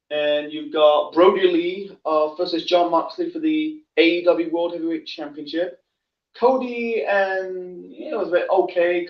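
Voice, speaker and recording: A man hosting his own wrestling show in a casual solo talk, halting and full of fillers and restarts. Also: on the high side. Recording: distant, echoey, dull lo-fi audio.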